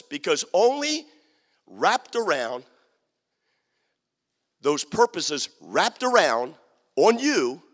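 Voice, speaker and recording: A man preaching a sermon as pastor, swinging from quiet talk to shouted preaching. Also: a little high, big-room sound. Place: church sanctuary.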